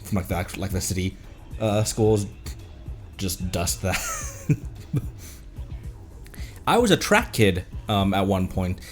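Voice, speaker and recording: Stuffy-nosed man chatting slowly on stream. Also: low-pitched, lively intonation, soft background music. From Colorado, United States. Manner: rambling, self-mocking, laughs often. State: stuffy with a cold. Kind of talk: casual live-stream chat over gameplay.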